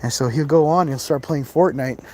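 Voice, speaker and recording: A man's voice: fairly high pitch, a little fast, a little mellow, slight background noise. A man hosting a live ghost-hunting stream in a cemetery, chatting casually and rambling with laughs and asides. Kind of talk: casual live-stream chat while exploring. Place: outdoors in a cemetery.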